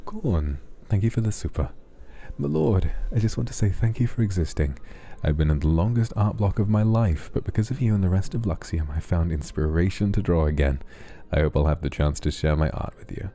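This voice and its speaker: A man with a very low, dark and mellow voice reads viewers' messages in a soft late-night ASMR stream. He answers each one gently and affectionately. A faint hiss sits under the recording. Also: lively intonation, fairly quick. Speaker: streamer reading donation messages.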